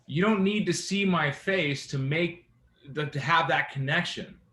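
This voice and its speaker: A man leading a real estate sales training session, animated and engaging, often checking in with his team. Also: on the high side, measured pace, reverberant.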